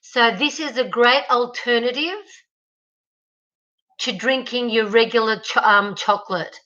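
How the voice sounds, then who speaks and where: This Australian host chats with her livestream audience from her home kitchen, reading comments and calling viewers by name. She speaks a little slowly in a fairly high, sharp voice, and the recording has its highs cut off.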